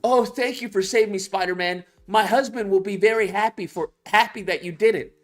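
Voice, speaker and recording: A man's voice: sits high, fairly quick, pitched above the performer's own voice, natural voice. A man putting on the voice of an overly grateful rescued woman civilian from a game, in stilted, mocking mimicry.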